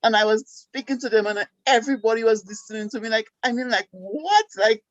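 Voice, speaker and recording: Saint Lucian woman, caller on a call-in show, higher voice, chatty and excited, dry dull lo-fi call audio. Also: brisk, dry recording. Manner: excited, chatty storytelling with many fillers. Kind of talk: casual call-in chat.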